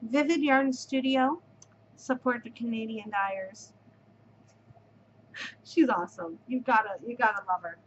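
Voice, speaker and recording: A woman's voice: on the high side, a little slow, long pauses, dull audio, a little hiss or hum. A middle-aged woman hosting a knitting podcast, gushing effusively over yarn in casual show-and-tell chat and repeating her words of praise.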